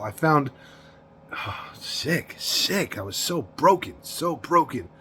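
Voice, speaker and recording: A man's voice: on the high side, lively intonation, slow pace, sharp tone, a little hiss or hum. A man in his forties giving a rambling, profane confessional monologue about his past, repeating himself and laughing between lines. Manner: rambling, profane, repeats words, frequent "you know what I mean". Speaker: vlogger recounting his past.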